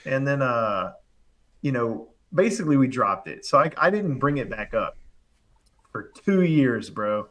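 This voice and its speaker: A man in casual conversation, telling a story with lots of energy. He throws in fillers and quick acted-out quotes, and his voice sits at a middle pitch. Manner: animated, fast storytelling full of "like" and acted-out quotes. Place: live online show, remote.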